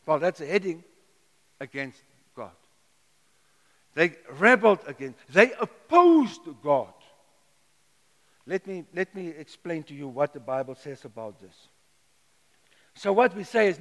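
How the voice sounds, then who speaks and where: A high-voiced man delivers a sermon. He speaks slowly and emphatically, repeating key words and posing rhetorical questions. His voice rings with long reverb in a large church hall. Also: big pitch swings, fairly bright tone. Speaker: pastor.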